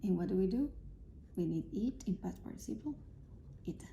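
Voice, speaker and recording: A woman's voice: medium pitch, animated, a little fast, gravelly, warm tone, a little hiss or hum. A woman teaching English grammar, explaining patiently, repeating key points and checking in with her students. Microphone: self-filmed camera.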